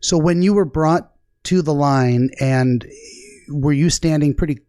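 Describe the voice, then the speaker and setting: A man hosting an interview about a dream, asking calm, careful follow-up questions. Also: on the high side, unhurried, dry recording, clean studio sound.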